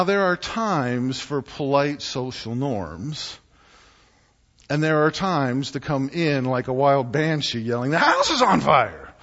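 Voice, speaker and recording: A man preaching a sermon as pastor, telling stories and acting out quotes with animated delivery. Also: medium pitch. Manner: animated storytelling with acted-out quotes. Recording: muffled sound in a reverberant hall.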